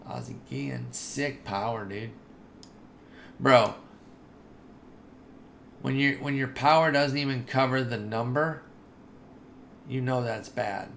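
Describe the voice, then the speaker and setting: A man giving casual, chatty commentary over his own game playthrough, excitable and talking straight to his viewers. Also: mid-range voice, slow pace, gravelly, long pauses, slight background noise. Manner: chatty and excitable, says dude and y'all. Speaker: gaming video host.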